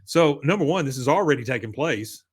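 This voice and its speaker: Podcast host type: a man narrating plot, loose and chatty, full of filler words, mid-pitched. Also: lively intonation, a little fast, slightly rough, no room sound, studio quality. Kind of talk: casual plot recap.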